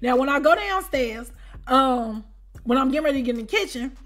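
A woman with a high, sharp voice tells a storytime tale straight to her viewers. She talks in an animated way and now and then bursts into shouts. She keeps tossing in the same conversational tag. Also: fairly quick. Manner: repeats a conversational tag often. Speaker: storyteller and channel host. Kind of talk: storytime vlog.

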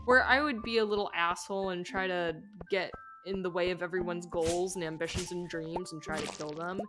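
A woman's voice: fairly low pitch, fairly even intonation, a little fast. A woman chatting playfully and rambling with frequent giggles while streaming a video game. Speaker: gaming streamer. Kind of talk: casual live-stream chat while playing. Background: game music.

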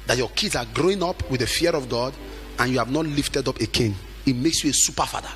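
A middle-aged man preaching a sermon with emphatic delivery, at times shouting and acting out the people he quotes. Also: mid-range voice, fast, faint music behind.

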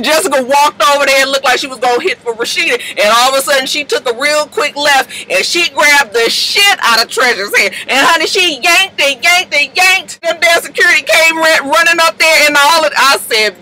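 Sassy, animated woman recapping TV. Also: a little hiss or hum, low-quality recording. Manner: animated, profane, sassy storytelling with high-pitched quoted voices. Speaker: reality TV recap vlogger. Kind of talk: casual recap commentary.

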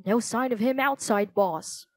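A woman's voice: fairly high pitch, a little slow, no echo, studio quality. A woman voicing a practical, matter-of-fact male stage manager. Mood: steady.

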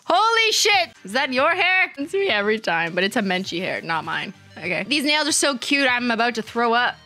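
A woman's voice: on the high side, big pitch swings, a little fast, sharp tone, soft background music. A woman in her thirties hosting a livestream, roasting viewers' work with sarcastic, teasing remarks and frequent laughter. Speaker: nail art YouTuber and livestream host.

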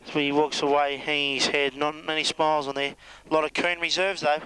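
A man with an Australian accent doing joking, excitable play-by-play on an amateur rugby league match. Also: on the high side, a little fast, smooth, no room sound, low-quality recording. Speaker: match commentator.

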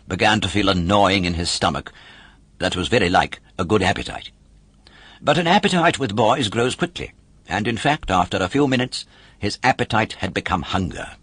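Male audiobook narrator, expressive storyteller, low and husky with a lively pitch range. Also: dry recording.

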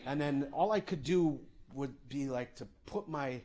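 A man's voice: medium pitch, lively intonation, unhurried, dark tone. A man performing stand-up comedy, telling a self-mocking story with lots of asides.

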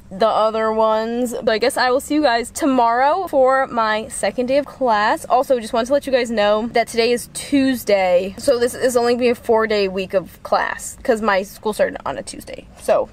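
Chatty young woman vlogger, higher voice. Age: young adult. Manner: chatty, upbeat, lots of "like" fillers. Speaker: college student vlogger. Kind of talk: casual vlog talk to camera.

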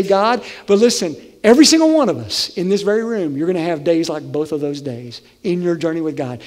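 A male pastor preaching a conversational, animated sermon in a church sanctuary. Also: high-pitched. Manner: conversational, animated, acts out voices. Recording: long hall reverb.

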